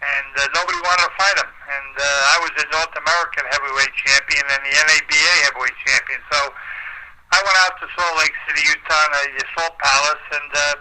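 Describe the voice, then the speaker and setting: A man's voice: a little high, fairly even intonation, fairly quick, sharp tone, slight background noise, low-quality recording. An older man, a retired boxer, telling long stories in an interview with many fillers. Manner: rambling storyteller, frequent uh fillers. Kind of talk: storytelling interview.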